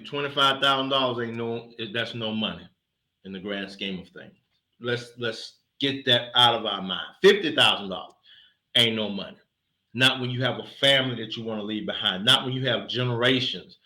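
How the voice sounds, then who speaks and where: Bright, preachy man in an echoey room. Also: on the high side. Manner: folksy, preachy, lively asides. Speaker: insurance agency CEO. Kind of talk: casual sales pitch to camera.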